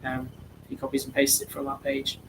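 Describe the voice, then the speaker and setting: A man's voice: mid-range voice, monotone, fairly quick, noisy background. A man hosting an online charity quiz, reading out answers in a chatty, slightly flustered way. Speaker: quiz host.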